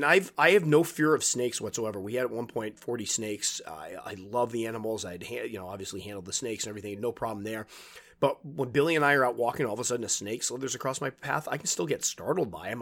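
A man who keeps tarantulas, talking casually to his viewers and giving advice in a relaxed, rambling way, with restarts and asides. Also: medium pitch. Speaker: tarantula keeper and video host. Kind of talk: casual advice talk to camera.

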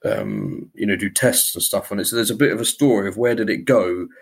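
A man's voice: on the low side, huge pitch swings, brisk, gravelly, breathy edge. A man co-hosting a podcast, casually recapping a film's plot with frequent ums and hesitations. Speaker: podcast co-host. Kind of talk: casual film-discussion chat.

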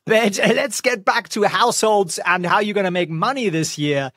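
A man's voice: sits high, normal speed, few pauses, pushed and bright, no room sound, clean studio sound. A man giving casual stock market commentary at home, chatty and wry with sarcastic asides. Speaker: finance vlogger. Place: home, with a pet nearby.

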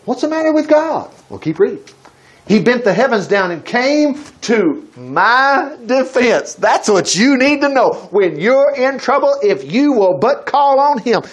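A man preaching, his voice pitched high and swooping all over as he talks. He reads Bible verses slowly, then breaks off into folksy asides and bursts of praise. His delivery stays lively and expressive throughout. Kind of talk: sermon reading scripture aloud.

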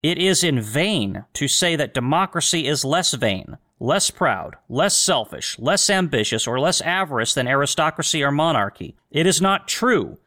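A man hosting a solo commentary show, reading historical quotations slowly and answering them with sarcastic rhetorical questions. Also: a little high, big pitch swings, sharp tone. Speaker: podcast host.

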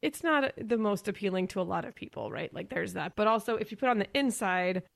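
A woman's voice: mid-range voice, big pitch swings, quick pace, vocal fry, dry recording. Chatty woman co-host, dry close sound. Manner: chatty, laughs often, trails off and restarts. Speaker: podcast co-host. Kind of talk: casual chat.

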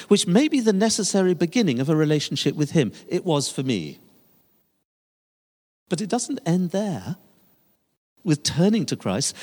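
Older pastor preaching in a reverberant church. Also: male voice, fairly high pitch, breathy edge. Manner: emphatic preaching with a lively, rising and falling delivery. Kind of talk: sermon. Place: church sanctuary. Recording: long reverb of a large church hall.

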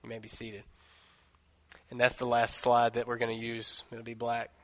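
A man's voice: mid-range voice, monotone, moderate pace. A man, a pastor, preaching an emphatic sermon to his congregation. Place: church sanctuary. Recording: long reverb of a large room.

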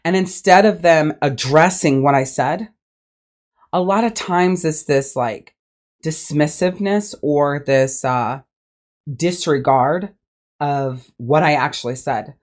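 A woman hosting her own podcast as a life coach, talking bluntly and emphatically and swearing freely in a candid solo monologue. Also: deep voice.

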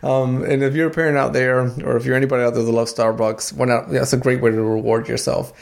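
A man's voice: mid-range voice, level tone, fast, creaky. A man in his thirties hosting a podcast, telling a story in a casual, chatty way with lots of fillers and restarts. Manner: chatty, many fillers and restarts, laughs at himself. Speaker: podcast host.

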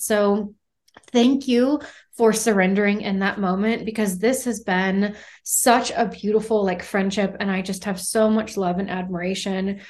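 A woman hosting a podcast interview. She speaks in a heartfelt, casual way, slowing down at times. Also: mid-range voice, steady tone, darkish tone. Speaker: podcast host.

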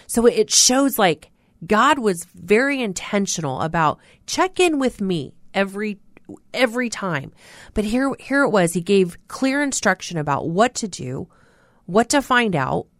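A woman preaches a radio devotional in a slow, deliberate delivery, earnest and emphatic. Her voice sits at a middling pitch and comes across dry and close, with no room sound. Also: expressive, no room sound. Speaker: radio host. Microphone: studio mic.

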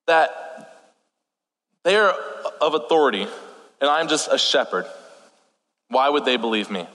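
A man's voice: mid-range voice, lively intonation, a little slow, a bit bright. A young man, a pastor, giving a casual sermon with joking asides and scripture readings, with a slight lisp and stutter. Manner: chatty, joking asides, reads scripture aloud. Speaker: youth pastor. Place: church hall. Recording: long hall reverb.

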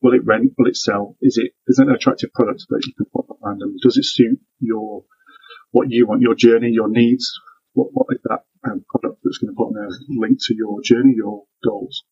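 A man from Manchester with a northern English accent, a guest on a podcast who explains things in a relaxed way. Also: mid-range voice, brisk, slightly rough, muffled recording. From Manchester, northern England. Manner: relaxed, explains in strings of questions. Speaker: guest, property developer. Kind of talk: casual interview chat.

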